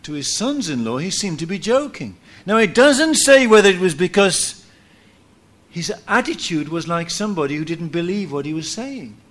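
A man preaching a sermon in church, telling a story lively and acting out what people said. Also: high-pitched, moderate pace. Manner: animated storytelling, acts out quotes with laughs.

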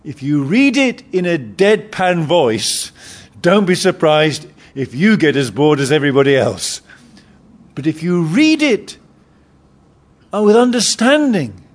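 A man preaching a sermon, emphatic and repeating his key phrases. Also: high-pitched.

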